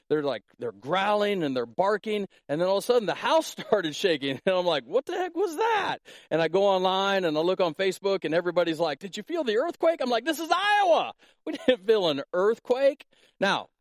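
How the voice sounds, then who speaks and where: A man preaching a sermon as pastor in Iowa, in a casual, joking way with animated stories. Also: a little high, no room sound, studio quality. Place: church in Iowa.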